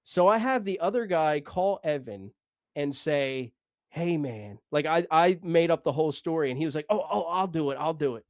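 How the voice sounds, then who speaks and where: A man's voice: a little high, animated, moderate pace, no echo, clean studio sound. A man telling a long story casually, rambling, swearing and acting out the dialogue.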